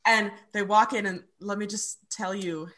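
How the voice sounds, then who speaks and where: A woman's voice: medium pitch, fairly even intonation, moderate pace, a bit bright. A woman co-hosting a casual podcast chat, picking apart the music in a show with an analytical bent. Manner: analytical, explains music theory. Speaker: podcast co-host.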